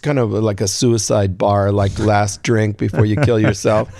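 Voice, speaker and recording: A man in his sixties telling a long story as an interview guest, acting out quoted lines in a higher voice. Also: moderate pace, vocal fry, no echo, studio quality. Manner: animated storyteller, acts out quotes in a high voice. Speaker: guest songwriter.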